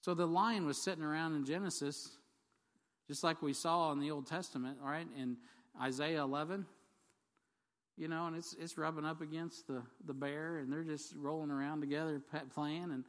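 Guy preaching, chatty and jokey, quizzes the crowd, voice a bit high, long echo in the hall. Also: fairly even intonation, normal speed, a bit bright. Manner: conversational and jokey, quizzing the congregation. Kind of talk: sermon.

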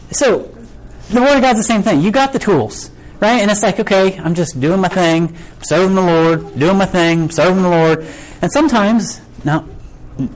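A man's voice: high-pitched, low-quality recording. Chatty man preaching a casual sermon. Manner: conversational, full of fillers and rhetorical "right?". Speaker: pastor.

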